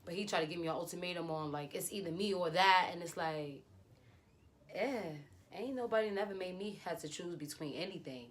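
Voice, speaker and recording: Animated young woman telling a story. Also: lowish voice, a little fast. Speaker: beauty vlogger. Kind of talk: storytime vlog.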